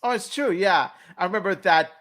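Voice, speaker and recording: Casual higher-pitched male co-host. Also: a little fast, fairly bright tone. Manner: opinionated, with lots of fillers. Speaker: co-host of a cartoon review stream. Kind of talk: casual review chat.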